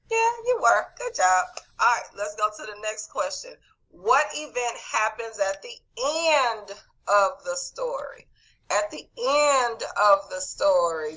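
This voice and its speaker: A woman with a medium-pitched, sharp-toned voice, captured in a rough recording. Teaching an online class over video call, she reviews a quiz and encouragingly calls on students by name.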